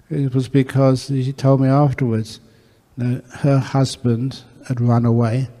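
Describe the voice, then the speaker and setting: A Buddhist monk giving an earnest storytelling talk, answering questions from a meditation audience. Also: male voice, medium pitch, mellow. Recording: echoey hall.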